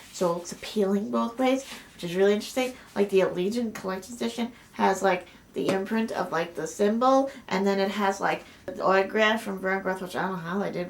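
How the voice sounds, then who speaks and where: Young female book vlogger, giddy and chatty, slight vocal fry, mid pitch. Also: slight background noise. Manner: gushing, excitable, many "like"s and "oh my God"s. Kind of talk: casual book haul chat.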